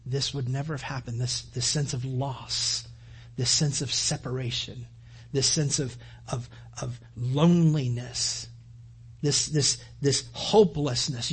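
A pastor with a husky, medium-pitched voice preaches at a normal speed. He retells scripture conversationally, like a story, acting out the quoted lines.

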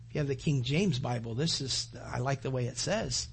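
Husky-voiced man preaching conversationally. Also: mid-range voice, fairly quick. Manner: conversational storytelling, acts out quoted lines. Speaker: pastor. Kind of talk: sermon.

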